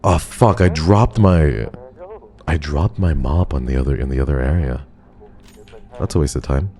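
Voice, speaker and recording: A man's voice: a bass voice, normal speed, warm tone. A male streamer giving live commentary on a game, talking to his chat and swearing in frustration.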